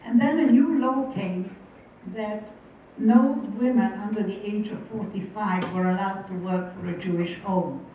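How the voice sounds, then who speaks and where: A woman's voice: medium pitch, a little slow, dark tone, a little hiss or hum. Older Hungarian-born woman telling her story, echoey hall. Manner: wry, vivid storyteller who quotes voices. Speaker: Holocaust survivor speaker. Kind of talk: personal storytelling talk. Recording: distant, dull, very echoey hall.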